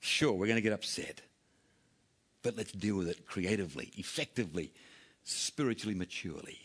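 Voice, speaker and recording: A man's voice: lowish voice, normal speed, husky. Man preaching with sweeping emphasis. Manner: animated, swinging from loud emphatic readings to quiet hushed asides. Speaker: pastor. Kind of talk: sermon.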